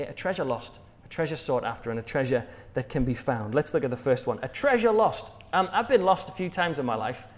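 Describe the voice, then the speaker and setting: An English man preaching a sermon in a jokey, conversational way, laughing at his own jokes. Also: medium pitch. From England.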